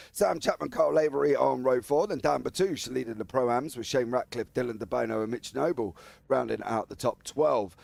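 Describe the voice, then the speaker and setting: A man commentating a live sim race, chatty and jokey, talking quickly over a noisy background. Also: mid-range voice, creaky, darkish tone, no room sound.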